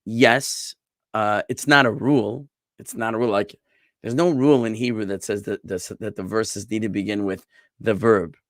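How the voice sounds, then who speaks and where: A man's voice: fairly low pitch, no room sound, studio quality. A man teaching a Hebrew class as a rabbi, patiently drawing out words to show which syllables get the stress and checking that students follow. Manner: thinks aloud with restarts and rhetorical checks. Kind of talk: online class lecture.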